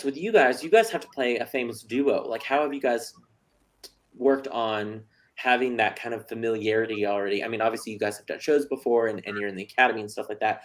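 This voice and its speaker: A man hosting a casual chat interview, joking and chatty with plenty of fillers. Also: mid-range voice. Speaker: host.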